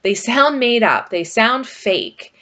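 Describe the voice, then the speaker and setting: A woman's voice: a little high, expressive, takes it slowly, pushed and bright. A middle-aged woman vlogger talking casually and rambling about her marriage, with frequent fillers. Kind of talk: casual personal talk to camera.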